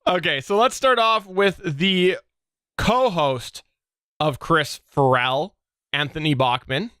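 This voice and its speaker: A man hosting a podcast, talking in a casual, animated way and laughing often. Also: fairly high pitch, takes it slowly, smooth, no echo, clean studio sound. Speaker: podcast host.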